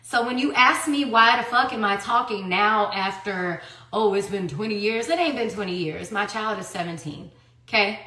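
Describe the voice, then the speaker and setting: A woman's voice: medium pitch, normal speed, pushed and bright. A woman giving a heated personal account in an interview, blunt and profane, who hammers her points with repeated rhetorical questions. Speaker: interview guest. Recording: echoey room.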